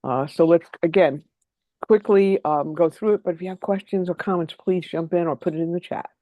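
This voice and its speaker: A trainer giving an online workshop, talking quickly and keeping the audience involved by asking them for answers. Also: mid-range voice, no room sound, phone-quality sound. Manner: lively, quick and engaging, invites answers from the audience.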